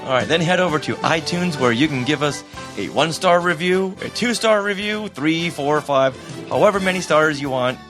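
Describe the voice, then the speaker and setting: A man from the Boston area co-hosting a podcast in casual chat, enthusiastic and quick to laugh. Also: fairly high pitch, animated, over music. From Boston area, USA. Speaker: podcast co-host.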